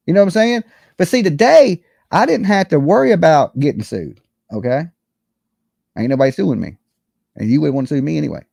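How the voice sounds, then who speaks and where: A man's voice: a little high, creaky, darkish tone, dry recording, studio quality. A man hosting his own online show, ranting in a casual, boastful and joking way, swearing freely and asking his listeners if they follow him. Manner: boastful, profane, jokey, keeps asking "you know what I'm saying".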